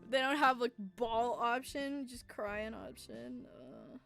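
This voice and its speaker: A woman's voice: a little high, slow pace, creaky, fairly bright tone, soft background music. A young woman streaming a romance game, reading its text aloud and reacting with teary emotion and casual swearing.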